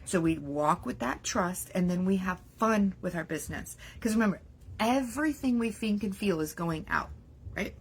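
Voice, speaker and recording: Young adult woman, husky edge, motivational coach, chatty and animated, lots of "like". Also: medium pitch, normal speed. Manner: animated, acts out worried inner voices, many "like" fillers. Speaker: business mindset coach. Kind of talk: casual motivational talk to camera.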